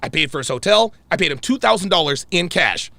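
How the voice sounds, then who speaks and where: A man's voice: brisk, creaky, no echo. A man hosting a livestream, delivering a heated, profane rant and repeating phrases for emphasis. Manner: angry, profane, repeats himself; animated pitch swings. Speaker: show host.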